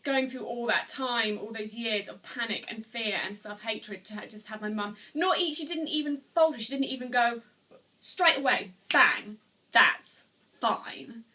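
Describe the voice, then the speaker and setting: A woman's voice: medium pitch, pushed and bright, distant mic. A woman in her twenties telling a personal story to camera at home, earnest and rambling with many restarts. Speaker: vlogger. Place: room at home, seated.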